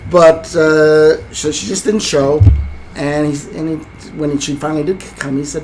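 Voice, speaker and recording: A man's voice: on the high side, fairly even intonation, a little slow, background noise. Rambling man retelling a film ending. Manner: rambling, hesitant storytelling with many fillers. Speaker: podcast co-host. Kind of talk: casual film discussion.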